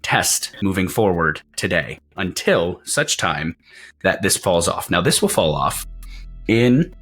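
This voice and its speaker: A man's voice: low voice, lively intonation, slow, a bit bright, soft background music. A man narrating as game master of a tabletop role-playing session, describing scenes at length with frequent restarts.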